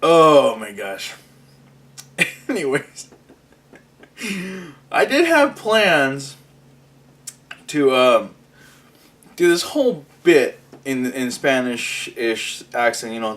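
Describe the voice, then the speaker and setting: A man's voice: mid-range voice, big pitch swings, drawn-out words, long pauses, a bit bright. A young man from Mexico hosting a casual morning vlog, joking and laughing as he talks. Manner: joking, laughs through his lines. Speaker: vlog host.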